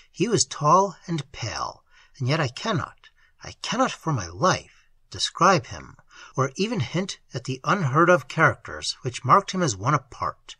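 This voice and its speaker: Breathy man narrating a dark tale. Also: fairly high pitch, dry recording. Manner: dramatic, hushed storytelling with sudden whispers. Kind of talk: scripted literary reading.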